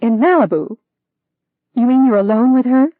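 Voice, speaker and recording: Reader putting on a young woman lawyer, higher voice, shouty and heated. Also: expressive, measured pace, no echo. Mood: hysterical. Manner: pitched higher, shouts and pleads. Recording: dry tinny phone-like sound.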